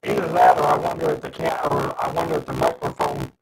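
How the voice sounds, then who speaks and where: A man's voice: a bass voice, very animated, fast talker, creaky, distant mic, over music. A man hosting a casual livestream, flustered and restarting his sentences while he fights audio trouble. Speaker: livestream host. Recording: noisy livestream audio with hiss.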